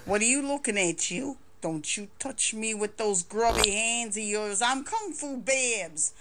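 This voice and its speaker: A woman's voice: a little high, expressive, a little slow, background noise. A woman playing a brash, mouthy female brawler who threatens everyone, in improv comedy. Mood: aggressive.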